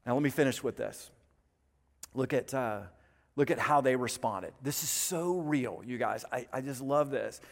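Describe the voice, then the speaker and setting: A pastor preaching a sermon in an earnest, emphatic way, building up with repeated phrases. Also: male voice, medium pitch, moderate pace, creaky. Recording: long reverb of a large hall.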